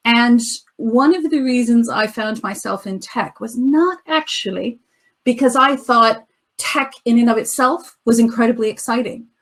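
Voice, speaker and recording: A woman in her fifties with an American accent worn by years in Britain tells her story over a video call. Her voice sits a little high, and she talks in a chatty, self-deprecating way. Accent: American with a British tinge. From United States. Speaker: panel speaker. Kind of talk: conference talk, personal anecdote.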